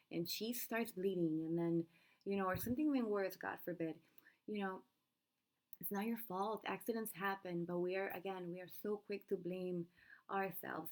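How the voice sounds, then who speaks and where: A young woman talking candidly and at length, with many fillers and restarts, as the host of her own talk channel. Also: medium pitch. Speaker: vlog host. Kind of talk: unscripted personal talk.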